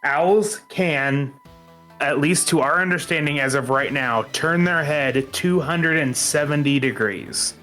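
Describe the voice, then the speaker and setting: A man's voice: on the high side, unhurried, sharp tone, faint music behind. A man co-hosting a casual gaming chat, eager to riff on ideas and share odd facts. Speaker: co-host of a gaming podcast. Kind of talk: casual group chat while playing a game.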